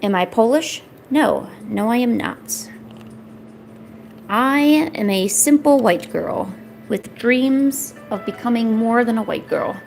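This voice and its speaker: A young woman streaming, coaxing and teasing her cat in a playful, high-pitched baby-talk voice. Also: expressive, slow pace, creaky, a little mellow, faint music behind. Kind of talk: live-stream chat.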